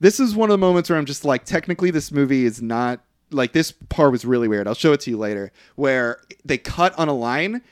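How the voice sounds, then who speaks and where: Man, podcast co-host, casual film recap, rambling, filler words, mid pitch, dry. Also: animated, brisk, few pauses, clean tone, no echo. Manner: loose, rambling recap with frequent fillers and profanity. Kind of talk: casual chat.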